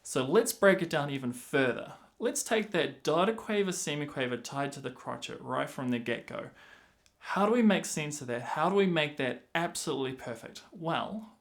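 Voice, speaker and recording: A man teaching the clarinet, patiently explaining fingerings and counting rhythms out loud, with clarinet playing between phrases. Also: fairly high pitch, expressive, moderate pace, gravelly. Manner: patient, breaks rhythms down by counting and singing syllables aloud. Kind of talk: instructional explanation.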